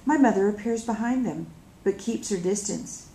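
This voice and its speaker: A woman reading a novel aloud in first person, slow and measured. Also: mid-range voice, dark tone. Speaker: reader. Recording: echoey room with faint noise.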